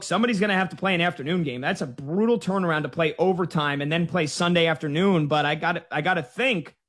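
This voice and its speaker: A man hosting a live sports talk show, excitedly relaying scores and rambling through game schedules. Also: high-pitched.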